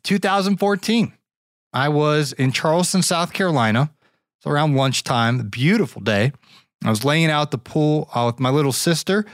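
Reflective, rambling man with a higher voice. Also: lively intonation, moderate pace, dry recording, clean studio sound. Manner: rambling, full of fillers and restarts; reflective, grateful. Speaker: podcast host. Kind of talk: casual storytelling monologue.

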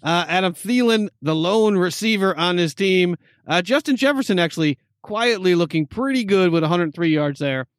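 A man co-hosting a casual sports chat, running through game scores and stats in quick bursts and laughing often. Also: high voice, expressive, dry recording, clean studio sound. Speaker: podcast co-host.

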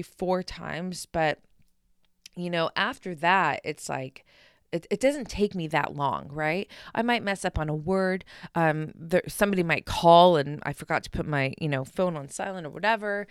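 Young woman podcaster, smooth lowish voice, dry close sound, candid and blunt, talks straight to listeners. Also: no echo. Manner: candid and energetic, swears freely, addresses listeners directly. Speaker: podcast host. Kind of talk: casual solo podcast monologue.

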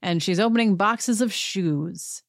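A woman's voice: mid-range voice, a little slow, gravelly, no echo, clean studio sound. A woman hosting a podcast, giving a chatty and wry recap of a TV episode. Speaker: podcast host. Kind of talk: casual TV recap monologue.

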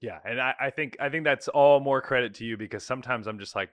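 Male host, chatty and animated, cusses freely, mid-pitched voice, dry close mic. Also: quick pace, no echo. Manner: animated storyteller, swears freely, acts out quoted voices. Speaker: podcast host. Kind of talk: casual chat.

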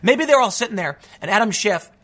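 High, bright-voiced frustrated male commentator. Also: expressive, fairly quick. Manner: frustrated, emphatic, ranting with frequent restarts. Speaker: political commentary host. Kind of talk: solo political commentary.

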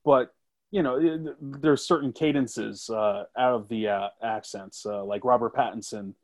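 A man's voice: mid-range voice, moderate pace. A man, a film critic guest, talking emphatically in a casual review chat. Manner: emphatic, with filler-heavy restarts.

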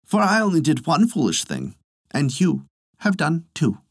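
A man's voice: a little high, huge pitch swings, moderate pace, no echo, studio quality, pitched above the performer's own voice, heavily acted. A man voicing a gullible, fussy old farmer's wife in a raised, fluttery voice. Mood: scolding. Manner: exclaiming, doting.

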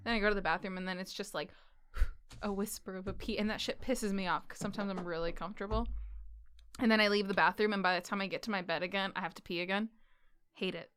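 A woman's voice: medium pitch, quick pace, slight background noise. A woman chatting casually as a podcast guest, telling stories and acting out the voices of the people in them. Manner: animated storytelling, acting out dialogue.

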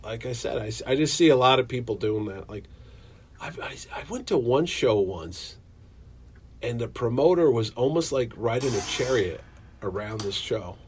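A man's voice: moderate pace, slight background noise. A man who runs a comic convention, chatting casually and acting out quotes from his stories. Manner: animated storyteller, acts out quotes in a higher excited voice. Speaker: convention promoter. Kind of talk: casual chat.

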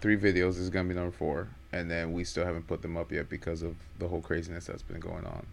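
A man with a fairly low voice co-hosts a podcast in loose, casual banter. He laughs often and teases his partner between rambling points. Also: flat delivery, fast talker, vocal fry, a little hiss or hum. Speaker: podcast co-host. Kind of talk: casual chat.

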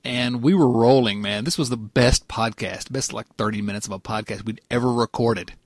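A man's voice: mid-range voice, moderate pace, no echo, clean studio sound. A man hosting a casual podcast, rambling and laughing often as he tells a story. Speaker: podcast host.

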